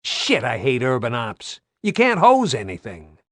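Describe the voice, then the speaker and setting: A man voicing a brash, sarcastic male soldier who is out of breath and talks fast. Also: medium pitch, huge pitch swings, no echo, studio quality. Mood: irritated. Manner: loud, rapid, out of breath.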